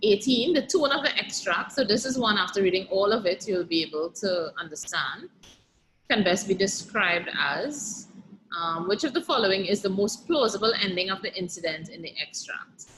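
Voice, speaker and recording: A woman's voice: medium pitch, lively intonation, moderate pace, fairly bright tone, slight background noise, rough recording. A woman teacher reviewing an exam paper and reading a play extract aloud, explaining as she goes and often checking in with "right?".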